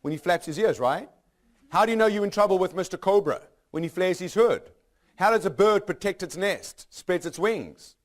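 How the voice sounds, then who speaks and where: A man's voice: high-pitched, expressive, moderate pace. A man speaking as a motivational speaker to a live audience in a room. He talks emphatically and repeats himself, with many rhetorical questions.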